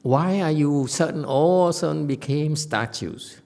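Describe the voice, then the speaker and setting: A man's voice: a little high, moderate pace, creaky, darkish tone. A male Buddhist teacher giving a dharma lecture, blunt and teasing, often mimicking his students' complaining voices. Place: temple lecture hall.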